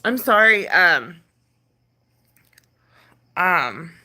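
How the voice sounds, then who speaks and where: A woman's voice: lowish voice, sing-song, very slow, pushed and bright. A woman ranting casually on a stream, exasperated and full of sighs, fillers and swearing. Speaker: ASMR creator ranting on a live stream. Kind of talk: casual rant.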